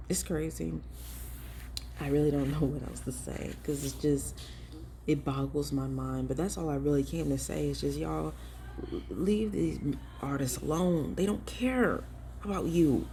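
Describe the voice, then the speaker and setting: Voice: medium pitch, measured pace, creaky, warm tone, slight background noise. A ministry vlogger giving earnest, emphatic commentary and talking straight to viewers in a casual, pleading way. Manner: casual and direct, addressing viewers as y'all. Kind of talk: preachy vlog commentary.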